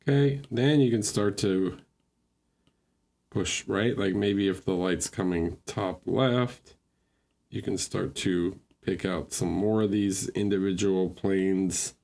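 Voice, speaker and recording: A man gives casual livestream feedback on painted miniatures, thinking aloud and greeting viewers between points. His voice sits a little low, and he talks slowly and unhurriedly, like someone working through a critique at a desk mic. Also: gravelly, a little mellow.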